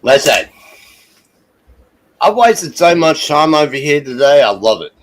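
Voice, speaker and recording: A middle-aged Australian man hosting a casual livestream, loud and brash and swearing freely. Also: on the high side, big pitch swings, unhurried, low-quality recording. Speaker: stream host.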